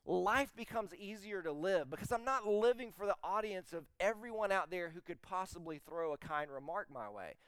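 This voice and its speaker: A middle-aged man preaching a sermon, emphatic and animated, asking the listeners rhetorical questions. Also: high voice, clear, resonant tone, no room sound. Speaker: pastor.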